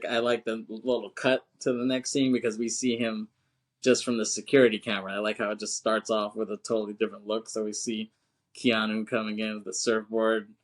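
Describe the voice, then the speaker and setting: A man co-hosting a podcast, casually recapping a film scene by scene, rambling with lots of fillers, laughing often and acting out quotes in a louder, higher voice. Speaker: podcast co-host. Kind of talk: casual movie recap chat.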